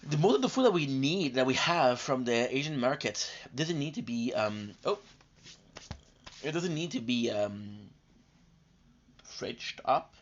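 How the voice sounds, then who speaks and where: A man's voice: mid-range voice, lively intonation, a little slow, pauses often. A man streaming live gameplay, talking casually and rambling with lots of fillers, tired and coming down with a cold. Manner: rambling, chatty, many fillers and restarts. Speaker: gaming streamer. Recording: dull lo-fi stream audio.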